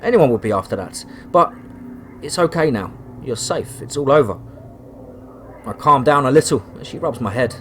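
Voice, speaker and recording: A man narrates a first-person horror story at a steady, measured pace, his voice sitting at an ordinary middle pitch. A faint hiss of noise runs under the reading.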